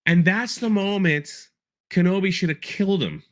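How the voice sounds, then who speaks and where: Breaking down a show episode on his casual podcast, a man speaks with a high-pitched, fairly bright voice at a moderate pace. He wanders and repeats words, giving quoted lines real feeling.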